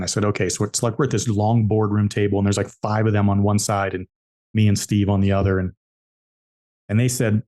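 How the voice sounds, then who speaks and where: Low-voiced man telling business stories. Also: little pitch movement, a little fast, dark tone. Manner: emphatic, repeats key points. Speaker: entrepreneur guest. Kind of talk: storytelling interview answers.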